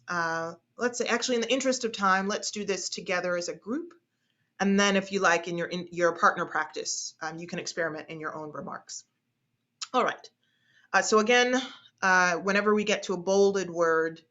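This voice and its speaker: A woman speech instructor teaching an online class, hesitating often and slowly stretching out vowel sounds as she demonstrates them. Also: fairly low pitch, fairly bright tone, lo-fi sound. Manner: hesitant, with frequent fillers and restarts.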